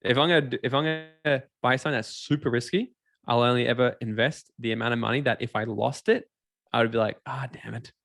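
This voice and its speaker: Speaking fast with vocal fry in a mid-range voice, a man runs a motivational seminar, animatedly acting out characters and asking the crowd questions. There's no room sound.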